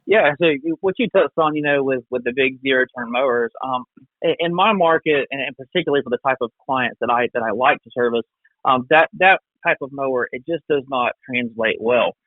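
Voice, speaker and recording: A man's voice: mid-range voice, no room sound. Male podcast guest from Florida, speedy and filler-heavy, tinny phone-like audio, dry sound. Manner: quick, filler-heavy, laughing easily. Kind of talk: casual interview chat. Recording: tinny phone-like remote call.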